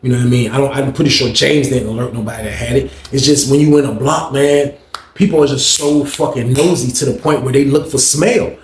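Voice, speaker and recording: A man's voice: mid-range voice, brisk, slight background noise. A man telling a profane story casually, acting out the scene in an echoey room. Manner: animated, profane, acts out the scene.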